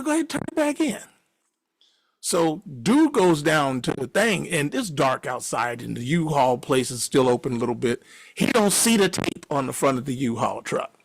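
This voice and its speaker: A man's voice: fairly high pitch, creaky, husky, no room sound, clean studio sound. A man casually telling a profane, rambling story and laughing along with it.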